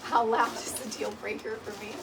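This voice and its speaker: A woman's voice: fairly high pitch, completely flat delivery, a little fast, creaky. Chatty woman, laughing often. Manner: chatty, laughs often, says "y'all" and "right?". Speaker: DIY decor host. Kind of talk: casual livestream chat while crafting. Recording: mic at a distance, audible room noise.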